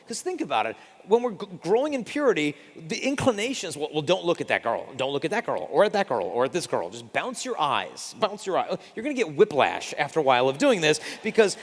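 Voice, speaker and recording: A young man giving a faith talk to an audience, telling stories with animated, self-deprecating humor. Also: high-pitched. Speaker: speaker. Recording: long reverb of a big hall.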